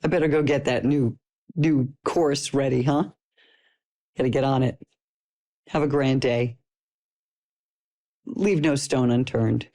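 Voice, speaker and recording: A middle-aged woman teaching a personal development course, talking in a playful, animated way and laughing often. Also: extremely low pitch, takes it slowly, pauses often. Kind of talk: casual spoken lesson to listeners.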